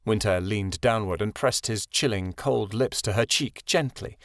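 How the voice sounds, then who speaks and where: A man narrating a fantasy audiobook in an expressive storytelling read. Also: lowish voice, normal speed, no echo, clean studio sound.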